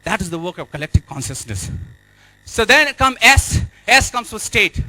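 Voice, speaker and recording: A man with an Indian English accent giving an energetic motivational speech to an audience in a hotel event hall, repeating and urging his listeners on. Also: high-pitched, moderate pace. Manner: energetic, repetitive, exhorting the audience. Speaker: life and business coach.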